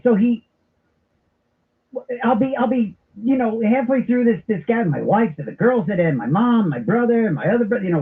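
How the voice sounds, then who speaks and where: A middle-aged man hosting a talk radio show, telling stories in an animated, comic way. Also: sits high. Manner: animated storyteller with comic impressions. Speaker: radio host. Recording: tinny phone-like broadcast audio.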